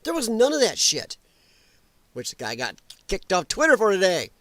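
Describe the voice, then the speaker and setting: A man's voice: sits high, wildly swooping pitch, moderate pace, bright, forceful tone, no echo. Profane, fired-up male political ranter. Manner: angry, profane, mocking impressions. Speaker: podcast host. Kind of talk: political commentary rant.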